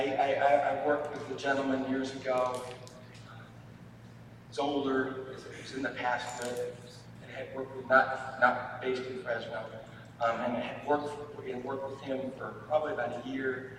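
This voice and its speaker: A man, a family therapist, giving a sermon-style talk to a church audience, with halting speech and repeated words. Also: mid-range voice, background noise. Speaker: marriage and family therapist speaking at a church event. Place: church hall. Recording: echoey hall from far off.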